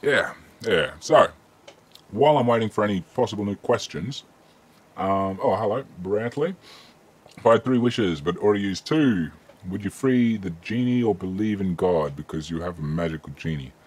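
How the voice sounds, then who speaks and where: A man's voice: lowish voice, lively intonation, moderate pace, slightly rough. An Australian man hosting a casual live-stream Q&A, chatting easily and reading viewer questions aloud with frequent ums.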